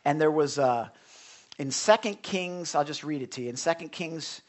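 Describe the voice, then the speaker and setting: A man preaching a sermon as pastor, moving between loud emphasis and hushed near-whispers, asking the congregation questions and often repeating words. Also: a little high, normal speed.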